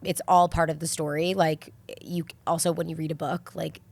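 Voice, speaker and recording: A woman's voice: low voice, flat delivery, normal speed, a little mellow. A woman hosting an interview, speaking in an affectionate, effusive and encouraging way. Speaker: podcast host. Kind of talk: sit-down interview conversation.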